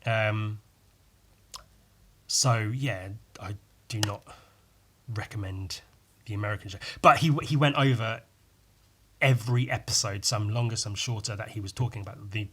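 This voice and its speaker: A man's voice: fairly low pitch, moderate pace, pauses often, a bit bright, husky. A man hosting a casual solo podcast, rambling and self-mocking, with some swearing. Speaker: podcast host.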